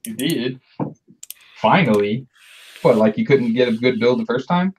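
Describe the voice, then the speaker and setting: A man's voice: mid-range voice, lively intonation, moderate pace, a little mellow, slight background noise. A man teasing his friends playfully on a casual livestream.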